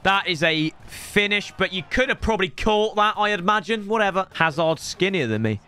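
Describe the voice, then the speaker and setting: Young male gaming commentator, high voice, rowdy banter. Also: moderate pace, clear, resonant tone, soft background music. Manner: excitable, joking banter with bursts of yelling. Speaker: gaming YouTuber. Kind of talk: live gameplay commentary.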